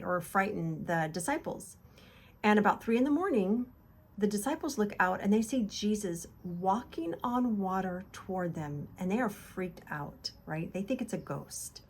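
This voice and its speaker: A woman hosting a casual devotional talk, earnest and encouraging, retelling scripture in loose conversational words. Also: medium pitch. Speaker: devotional video host.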